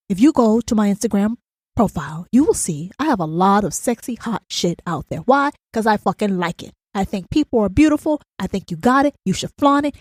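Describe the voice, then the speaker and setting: A woman's voice: mid-range voice, darkish tone, no echo, clean studio sound. A woman hosting a podcast, ranting in a blunt, profane, emphatic monologue and often asking if the listener understands. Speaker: podcast host.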